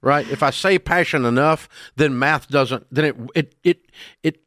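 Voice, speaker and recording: A man's voice: on the high side, moderate pace, fairly bright tone, no echo. An older man with a Southern drawl hosts a radio talk show and delivers a blunt, scolding rant on a close studio mic. His voice is dry and close, with no room around it.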